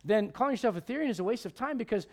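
Man, pastor, high-pitched voice, conversational sermon, humorous, loud emphasis then quiet asides. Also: expressive, racing, vocal fry. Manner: humorous, asks the congregation questions.

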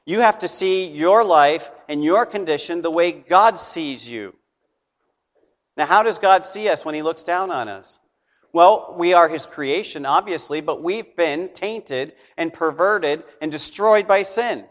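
A man delivers a sermon, talking to his listeners in a conversational way and checking in with them often. His voice sits a little high for a man. Long reverb trails after his words, as in a large church hall. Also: measured pace. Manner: conversational preaching with frequent "okay?" check-ins. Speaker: pastor.

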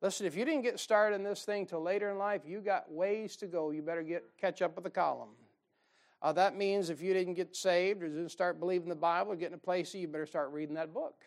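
A man preaching a sermon in a folksy, joking way, with sudden loud bursts of fire. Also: high voice, steady tone, fairly quick.

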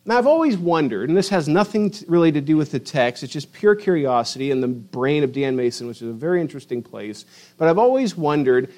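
With a mid-range voice, this middle-aged pastor preaches passionately. He voices the people he quotes and moves from booming declarations down to quiet asides.

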